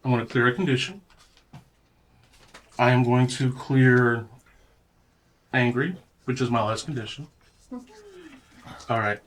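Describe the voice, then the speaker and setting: A man playing a tabletop role-playing game, giving animated, vivid descriptions of his character. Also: medium pitch, measured pace, pauses often. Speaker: player.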